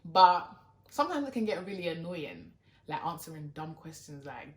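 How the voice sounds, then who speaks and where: Deep-voiced, with lively intonation and a normal speaking speed, a young London YouTuber chats to camera. Her tone is exasperated and chatty, "like" keeps cropping up, and the room sounds echoey.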